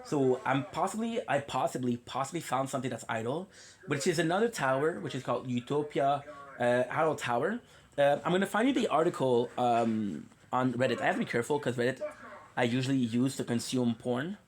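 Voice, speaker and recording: A man's voice: mid-range voice, lively intonation, brisk. A man vlogging about mobile games from his apartment in a casual, rambling, joking way, often correcting himself. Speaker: gaming vlogger. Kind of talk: casual chat to viewers.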